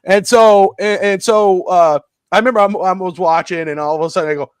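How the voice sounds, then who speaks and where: A middle-aged man hosting a casual live sports talk show, rambling and excitable and laughing often as he talks. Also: high-pitched, brisk, clean tone, no room sound, clean studio sound.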